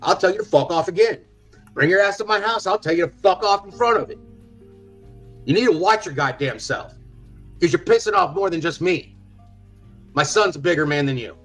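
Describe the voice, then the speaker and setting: A man's voice: sits high, fairly quick, pauses often, a bit bright, soft background music, rough recording. A father speaking on a live panel in a heated, profane, confrontational rant. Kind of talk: angry rant.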